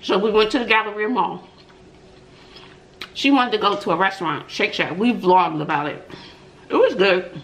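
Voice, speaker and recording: A middle-aged woman hosting an eating show, chatting and telling stories between bites, with drawn-out "mm-mm" asides. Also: mid-range voice, slight background noise. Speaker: mukbang host. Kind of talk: chatty storytelling while eating.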